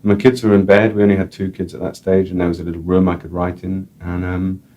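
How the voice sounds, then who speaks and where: Deep-voiced man, rambling and chatty. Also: flat delivery, fast talker, mellow, dull audio. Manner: rambling, repeats words, many "like"s. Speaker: author and editor, interview guest. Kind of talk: casual chat and reading aloud.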